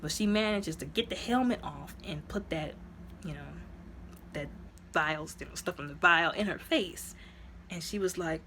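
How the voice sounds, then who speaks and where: A woman's voice: fairly low pitch, moderate pace, a bit bright, a little hiss or hum. A woman casually recapping a movie in a chatty, rambling way, dropping to dramatic whispers when she acts out lines. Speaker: movie reviewer.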